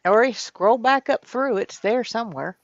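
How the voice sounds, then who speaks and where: A woman's voice: fairly high pitch, expressive, normal speed, no room sound. A woman co-hosting a casual chat in an easygoing, shrug-it-off way. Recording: dull dry sound.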